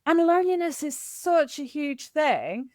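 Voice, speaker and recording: Animated middle-aged woman from Kent. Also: sits high, a little slow, no room sound, clean studio sound. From Kent, England. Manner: animated, expressive storyteller. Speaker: podcast guest. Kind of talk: candid conversational interview.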